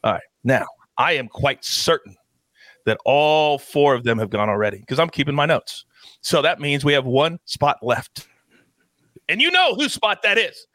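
A man hosting a sports betting show with energetic, playful hype and big swings in his delivery. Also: fairly high pitch, normal speed, dry recording. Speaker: host.

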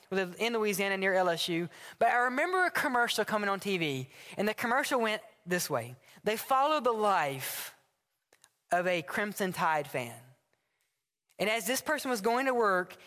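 A man preaching a sermon from the pulpit, telling stories and acting out short dialogues. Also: high-pitched. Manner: animated storytelling with acted dialogue. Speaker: pastor. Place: church sanctuary. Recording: long hall reverb.

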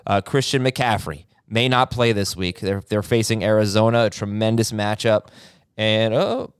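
A man hosting a fantasy football chat, reading quick injury updates and stats with a dry sarcastic streak. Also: fairly low pitch, smooth, no room sound. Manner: quick stat-heavy delivery, dry sarcasm. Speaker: podcast host.

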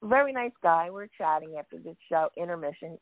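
A woman telling stories in a casual chat, quoting people as she goes and often clearing her throat. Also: lowish voice, animated, normal speed, no room sound. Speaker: guest wrestling fan. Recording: tinny phone line, dry.

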